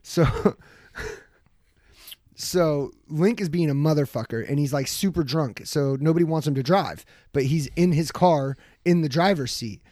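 Swearing, animated man telling a story. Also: fairly high pitch, unhurried, dry recording. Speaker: podcast host. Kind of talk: casual storytelling chat.

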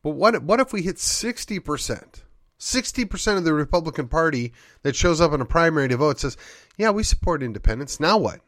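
A man's voice: fairly high pitch, expressive, a little fast, a bit bright, no room sound, studio quality. A man hosting a show, delivering an opinionated monologue full of rhetorical questions and needling sarcasm. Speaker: podcast host.

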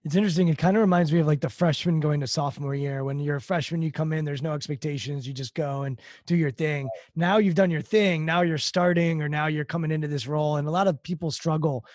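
A man's voice: on the high side, fairly even intonation, quick pace, few pauses, a little mellow, no room sound, studio quality. A man interviewing a guest, asking questions in a casual, thoughtful way.

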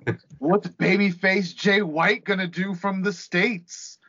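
Bright-voiced man in casual podcast chat. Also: high-pitched, fairly even intonation, takes it slowly, lo-fi sound. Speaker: guest co-host.

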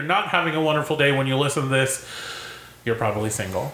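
A man's voice: medium pitch, expressive, quick pace, fairly bright tone. A man co-hosting a podcast in casual, giggly, rambling chat with friends. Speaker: podcast co-host. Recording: roomy with faint background noise.

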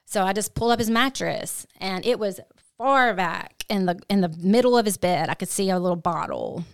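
A middle-aged woman telling a hard family story as a podcast guest, earnest and halting, often restarting her sentences. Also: medium pitch, vocal fry, clear, resonant tone, dry recording, clean studio sound. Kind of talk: candid personal storytelling.

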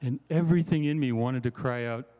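A man's voice: mid-range voice, brisk, mellow. Man preaching in a reverberant hall. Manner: conversational, self-deprecating, frequent "right?" asides. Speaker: conference speaker. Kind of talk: sermon.

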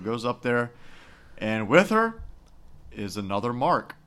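A man co-hosting a podcast, casually retelling a movie's plot with frequent laughs and quick mocking quotes. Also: medium pitch, big pitch swings, a bit bright, clean tone. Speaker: podcast co-host. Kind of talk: casual movie recap chat.

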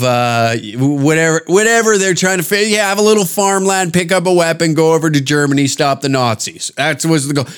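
Male podcast host, slightly high voice, swears freely, rambling mocking rants. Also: clean tone. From Canada. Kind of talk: casual podcast rant.

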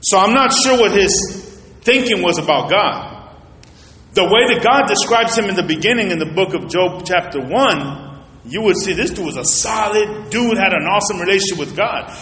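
A male pastor delivers a laid-back, storytelling sermon with a fairly high voice for a man. He speaks colloquially and straight to the people in front of him. The sound carries a long reverb, as in a large church sanctuary. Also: expressive, normal speed, sharp tone. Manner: colloquial, storytelling, addresses the congregation directly. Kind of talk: conversational sermon. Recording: echoey reverberant hall.

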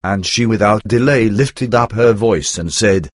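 A man reads an old tale aloud in a low, measured voice. The recording is dry and close, with no room sound. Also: no room sound. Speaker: narrator. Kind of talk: scripted reading of an archaic text.

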